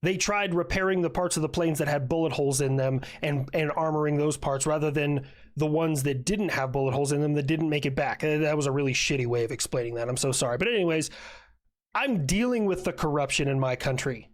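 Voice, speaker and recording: A man's voice: fairly high pitch, a little fast, natural voice. A man voicing a personified country in a cartoon, arguing defensively and rambling.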